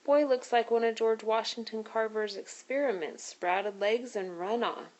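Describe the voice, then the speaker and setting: A woman's voice: fairly high pitch, a little slow, darkish tone, muffled recording, lightly acted. A woman voicing a joking, teasing older man in a read-aloud storybook. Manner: playful, teasing.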